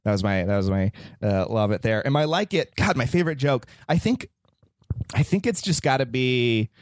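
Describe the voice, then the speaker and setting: A man's voice: mid-range voice, animated, normal speed, dry recording. Dry-voiced man hosting a podcast chat. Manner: laughs often while retelling scenes. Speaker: podcast host. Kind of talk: casual chat.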